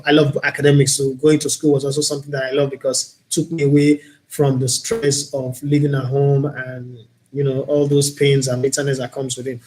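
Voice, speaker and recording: A man with a Nigerian accent hosting a live-streamed talk show, speaking in an earnest, opinionated, reflective way. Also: medium pitch. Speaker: host and broadcaster.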